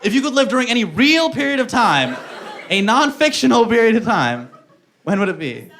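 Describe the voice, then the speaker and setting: A man's voice: very high-pitched, moderate pace, some chatter behind, a little hiss or hum. A young man performing a stand-up comedy set, telling self-mocking stories and acting out the dialogue. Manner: animated, self-mocking storytelling with acted-out dialogue.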